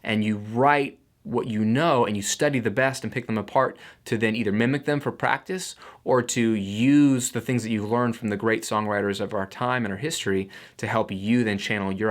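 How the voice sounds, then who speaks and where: A man's voice: lowish voice, moderate pace, few pauses. A man hosting an audio mixing lesson, talking in an enthusiastic, conversational way with playful asides. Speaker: audio engineering educator. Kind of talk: casual talking-head lesson.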